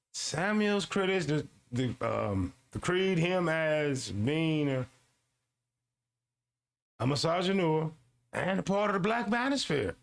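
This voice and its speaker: A man hosting a casual streamed commentary show, reading a web page aloud slowly and then breaking into quick asides to his audience, often repeating lines for emphasis. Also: fairly high pitch, vocal fry. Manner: animated, swings between slow read-aloud and quick asides. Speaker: show host.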